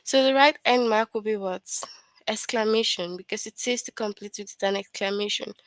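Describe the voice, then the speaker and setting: A woman's voice: mid-range voice, normal speed, no room sound, poor audio. A woman teaching an online grammar lesson to young children, patient and repetitive, often checking in with questions.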